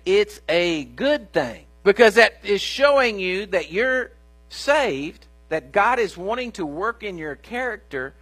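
High bright-voiced man preaching. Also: slightly rough. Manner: animated, acts out inner dialogues in shifting voices; folksy, addresses congregation directly. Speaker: pastor. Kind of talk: sermon.

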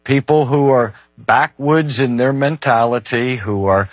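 Husky man teaching with playful emphasis. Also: medium pitch, unhurried, no echo. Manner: mischievous, emphatic rhetorical questions. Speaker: Bible teacher. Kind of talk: recorded teaching lecture.

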